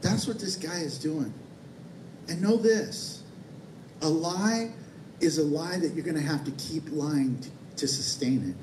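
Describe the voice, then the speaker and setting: High-voiced pastor in an echoey sanctuary. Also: male voice, measured pace, darkish tone, slight background noise. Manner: conversational preaching, playful asides. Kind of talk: sermon. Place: church sanctuary. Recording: echoey church hall from far off.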